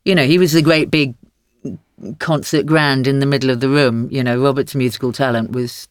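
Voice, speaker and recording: A woman in her sixties, a guest author in a podcast interview, telling stories in a wry, lively way with frequent laughs. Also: a bass voice, brisk, clear, resonant tone, no echo, clean studio sound.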